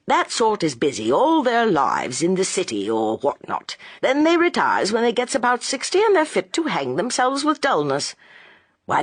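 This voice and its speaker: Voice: mid-range voice, dry recording. An audiobook reader voicing a kindly, plain-spoken police inspector who talks in a colloquial way. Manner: colloquial, good-natured.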